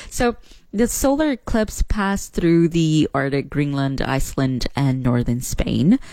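A woman from Southern Africa hosting a radio show, chatting excitedly. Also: low-pitched, measured pace, no echo. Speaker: radio host. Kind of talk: casual radio talk.

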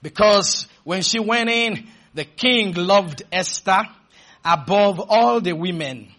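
Bright, husky high-voiced male preacher. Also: expressive, slow pace. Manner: fervent, shouting call-and-response preaching. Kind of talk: sermon.

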